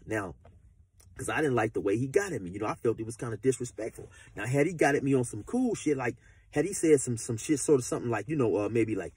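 A man's voice: mid-range voice, lively intonation, fast talker, darkish tone, breathy edge, no echo. A man telling a personal story in a laid-back, slangy, profane, rambling way. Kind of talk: casual storytelling.

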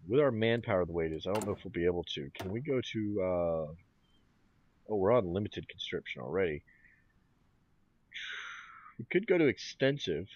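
Man, let's play commentary, low husky voice, dull lo-fi recording, muttering to himself. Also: dry recording. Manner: thinking aloud, mumbling and musing. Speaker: gaming channel host.

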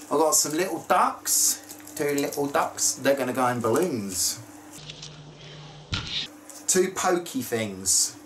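A man vlogging in a casual, chatty way, excitable and prone to squeals of delight. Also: mid-range voice, slow, pauses often, echoey room, slight background noise, poor audio. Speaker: YouTube vlogger. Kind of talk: casual chat.

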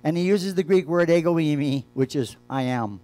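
A man serving as the church's pastor preaches a sermon in a loose style, restarting often and repeating phrases as he moves between quiet asides and emphatic points. His voice sits fairly high and he speaks fairly quickly.

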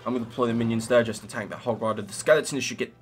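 Gameplay commentator, male, mid-pitched, chatty running play-by-play of his own match. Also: steady tone, very fast, faint music behind. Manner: chatty, narrates each move, self-critical asides.

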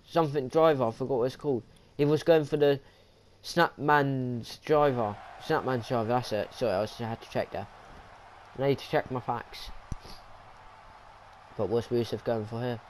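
A young man giving excited, rambling play-by-play commentary over a wrestling video game, pleading with the action on screen. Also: mid-range voice, normal speed, pauses often, a little hiss or hum. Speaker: gaming commentator.

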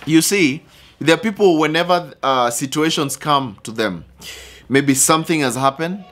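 A man's voice: on the high side, moderate pace, a bit bright. A man preaching a sermon in an earnest, repetitive way, weaving in his own testimony.

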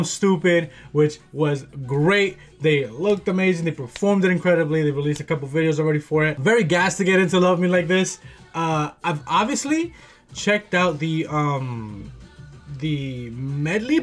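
A man casually reacting to a music video, excitable and slangy, with a groggy morning voice. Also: a little high. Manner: excitable, slangy, peppered with "bro" and "gassed".

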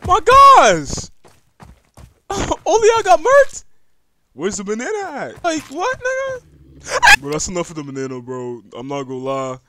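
A young man giving casual gaming commentary, slangy and excitable, chatting to the game's creatures and yelping when startled. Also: sits high, normal speed, slight background noise. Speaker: gaming YouTuber.

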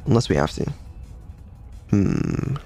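A male streamer chatting casually in a halting, mumbling way with dry, swearing remarks. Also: warm tone, faint music behind. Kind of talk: casual chat.

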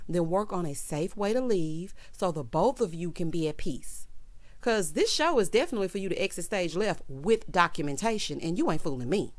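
A woman, giving a casual, sassy recap of a reality show and talking straight to her viewers. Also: medium pitch. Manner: sassy, talks straight to viewers, calls them honey and child.

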